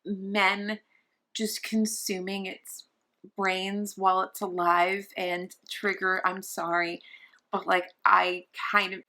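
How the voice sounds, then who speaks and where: A woman's voice: medium pitch, little pitch movement, takes it slowly, sharp tone. A young woman vlogging casually from her sofa at home, rambling and gushing with many restarts. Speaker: book vlogger. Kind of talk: casual vlog chat.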